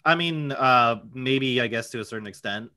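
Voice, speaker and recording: A man, co-hosting a casual podcast, rambling and joking with quick asides. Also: medium pitch, bright, forceful tone. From Boston area. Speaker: podcast co-host.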